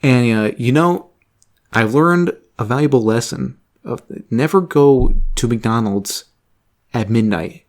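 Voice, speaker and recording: A young man casually telling a story about a job, animated, laughing often and swearing freely. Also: medium pitch, takes it slowly. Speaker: vlogger.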